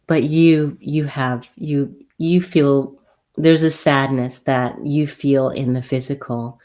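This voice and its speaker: Woman, very deep voice, slow unhurried pace, gentle soothing host, halting repeats, spiritual advice and card readings. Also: steady tone.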